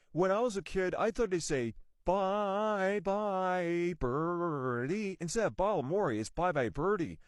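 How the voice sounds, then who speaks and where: Chatty guy vlogging, high voice, dry close sound, rambles and quizzes his viewers. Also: dry recording. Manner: chatty, asks viewers questions. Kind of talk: casual rambling monologue.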